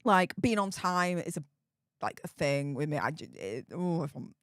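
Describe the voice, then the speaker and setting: A British woman hosting a live stream, chatting casually, laughing often and reading out viewer comments in a frank, animated way. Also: low-pitched, normal speed, dry recording, clean studio sound. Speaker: livestream host reading viewer chat.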